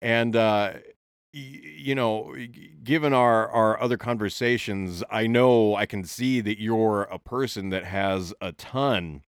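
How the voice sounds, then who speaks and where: A podcast host talking in a measured, soft-spoken way about spiritual growth, with many fillers. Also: male voice, lowish voice, smooth, dry recording, clean studio sound. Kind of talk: reflective spiritual talk.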